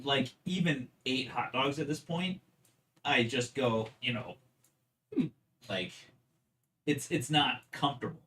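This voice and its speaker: A man co-hosting a board game stream, telling animated stories in casual chat, acting out quotes, laughing and swearing freely. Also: medium pitch, measured pace, long pauses, distant mic, slight background noise, poor audio.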